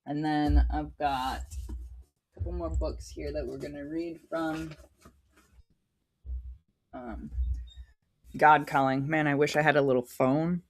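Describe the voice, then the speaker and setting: A woman's voice: sits low, unhurried, pauses often. A woman hosting a casual livestream, reading scripture aloud with frequent giggles and chatty asides. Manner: giggly, chatty, prone to tangents.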